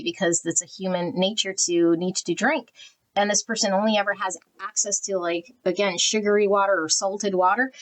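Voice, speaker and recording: A woman with a slightly low voice talks through a tarot spread for her viewers. She rambles, circles back and corrects herself as she goes. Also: low-quality recording. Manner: rambling, lots of fillers, self-corrections. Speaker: tarot reader. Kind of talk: casual intuitive tarot reading.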